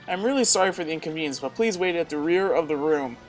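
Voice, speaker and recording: A woman's voice: low voice, expressive, fast talker, faint music behind, poor audio. A woman voicing a nervous male turtle soldier minion who stammers apologies. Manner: hesitant, apologetic.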